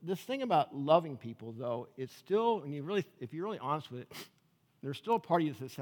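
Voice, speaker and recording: A man's voice: fairly high pitch, sing-song, fast, darkish tone. Chatty man preaching in a reverberant hall. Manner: chatty, asks the congregation "right?" often. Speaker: pastor. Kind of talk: conversational sermon. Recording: long reverb of a large hall.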